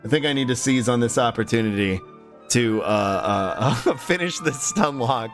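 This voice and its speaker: A man's voice: medium pitch, lively intonation, normal speed, soft background music. A man streaming and chatting casually with his viewers, rambling with lots of ums and restarts, his voice tired and strained. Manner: rambling, many um and uh restarts, laughs easily. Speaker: livestreamer. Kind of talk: casual stream chat, reading chat aloud.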